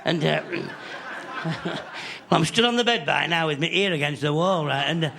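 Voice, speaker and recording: A man's voice: on the high side, quick pace, creaky, sharp tone, a faint crowd. A man with a northern English accent telling cheeky, rambling jokes in a stand-up comedy act. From Northern England. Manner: cheeky, rambling joke-teller.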